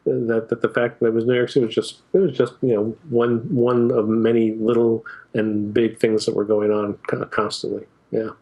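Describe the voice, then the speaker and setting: Guest dude on a video call, husky raspy voice, dry jokey way of talking. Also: male voice, medium pitch, flat delivery, normal speed, few pauses, dark tone, low-quality recording. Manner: dry, joking. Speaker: guest commentator. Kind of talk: casual interview chat.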